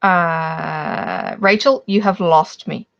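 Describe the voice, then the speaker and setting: A chatty Australian woman hosts a livestream, rambling easily with live viewers and laughing often. Her deep voice has lively intonation and vocal fry, she speaks very slowly, and the sound is a bit muffled.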